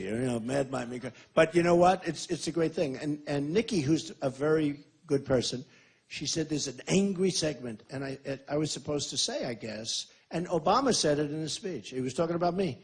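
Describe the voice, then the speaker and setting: A man in his sixties speaks to a rally crowd and answers their questions, leaning on repetition and boastful emphasis. His voice sits a touch high for a man and has a husky, slightly rough edge. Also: fairly quick. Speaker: presidential candidate at a rally. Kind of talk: campaign Q&A speech.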